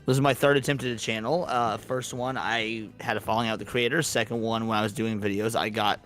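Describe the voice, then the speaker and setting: A man's voice: fairly low pitch, fairly even intonation, fast, a bit bright. A man guesting on a podcast, telling his own story in a candid, self-mocking way. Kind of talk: casual podcast chat.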